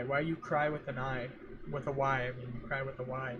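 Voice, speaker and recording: A man's voice: medium pitch, level tone, moderate pace. A young man streaming live, rambling and joking with his chat while he sets up his audio. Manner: rambling, jokey, talks to himself and chat. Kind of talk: casual rambling livestream chat. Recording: faint fan noise behind a home mic. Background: fan running.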